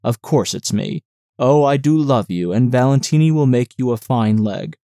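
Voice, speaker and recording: A man gives voice to an affectionate young nurse in an audiobook, her lines tender and playfully teasing. The voice stays warm and mellow, set close and dry with no room around it, and is read rather than fully acted. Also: mid-range voice, normal speed, dry recording, natural voice.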